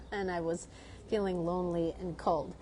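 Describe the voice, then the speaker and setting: A woman's voice: lowish voice, fairly even intonation, takes it slowly, a little mellow, a little hiss or hum. A middle-aged woman, an artist who teaches drawing workshops, talking casually and rambling on a livestream, often checking in with "right?". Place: home in Mexico.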